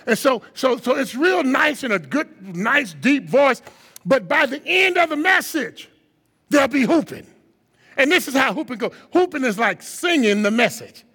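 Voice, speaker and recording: A man preaching a sermon as a guest speaker, animated and theatrical, acting out the voices of scared disciples with sudden high shouts. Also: normal speed, husky. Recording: long hall reverb.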